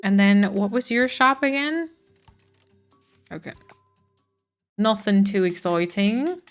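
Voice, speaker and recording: A woman's voice: mid-range voice, animated, slow pace, faint music behind. A woman streaming a farming game, chatting casually with her viewers while she plays. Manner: chatty, reads and answers chat while playing. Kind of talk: casual gaming livestream chat.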